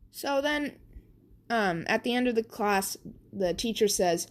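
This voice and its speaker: A woman's voice: a little high, expressive, unhurried. A woman casually narrating a fan story, rambling with many fillers and restarts.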